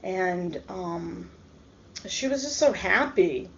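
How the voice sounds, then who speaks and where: A woman telling a personal story in a casual, hesitant way, with many pauses and ums. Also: fairly low pitch, animated, a bit bright, slight background noise. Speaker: storyteller vlogger. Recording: dull lo-fi recording.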